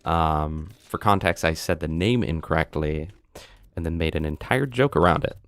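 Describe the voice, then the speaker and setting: A man streaming a game live, telling rambling pun jokes to his chat and bursting into excited reactions. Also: moderate pace, dry recording. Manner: animated, jumps into high excited outbursts. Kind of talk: live gameplay commentary.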